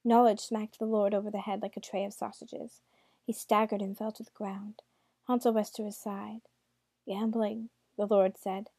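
A woman narrates a storybook in a mellow, dark-toned voice. She breaks off for wry asides to the listener. The sound is dry and close, with no room around it. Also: mid-range voice, level tone, normal speed, dry recording.

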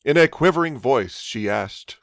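A man's voice: medium pitch, expressive, moderate pace, vocal fry, fairly bright tone, no echo, clean studio sound. A man narrating a comic adult storybook in a mock-innocent fairy-tale manner.

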